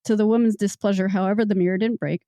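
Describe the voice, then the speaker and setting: A woman hosting a casual history podcast, telling stories in an animated way and laughing often. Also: mid-range voice, racing, no room sound. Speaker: podcast host.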